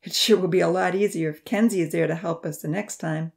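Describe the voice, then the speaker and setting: A woman's voice: on the low side, fairly even intonation, fairly quick, gravelly, darkish tone. A woman reading as an easygoing young farmer. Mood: amused. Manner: laughing, easygoing. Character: good-humored young farmer man.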